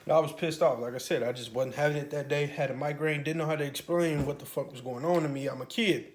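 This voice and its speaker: A man telling a profane, animated story from his childhood to camera, with sudden loud outbursts. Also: on the high side, fast talker. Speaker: channel host. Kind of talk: storytime monologue.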